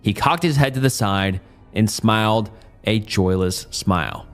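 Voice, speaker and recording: A man reading a first-person horror story aloud at a steady, quick pace. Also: lowish voice, soft background music. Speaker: story narrator.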